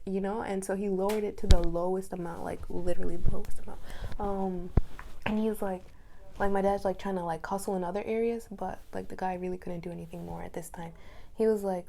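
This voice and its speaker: Young woman, casual storytelling, mellow tone, slips into whispers. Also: medium pitch, a little fast, vocal fry. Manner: animated, drops to whispers, bursts of laughter. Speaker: vlogger.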